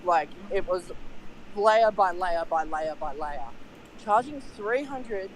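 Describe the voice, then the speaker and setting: Male co-host, high voice, rambling. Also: expressive, slow, noisy background. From Australia. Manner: explains at length with many fillers. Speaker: stream co-host. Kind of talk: casual chat.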